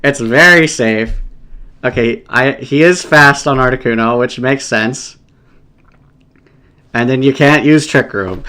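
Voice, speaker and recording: Man, gamer voice, mid-range pitch, casual rambling play-by-play, swears a lot. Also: slow pace, pauses often, sharp tone. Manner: thinking aloud, casual and rambling; swears often, exasperated. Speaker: competitive game player. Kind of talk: live gameplay commentary.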